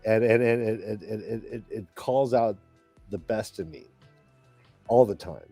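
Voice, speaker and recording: A middle-aged man co-hosting a podcast, speaking in halting, heartfelt restarts while holding back tears. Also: on the low side, dark tone, no room sound, soft background music. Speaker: podcast co-host. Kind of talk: casual panel chat.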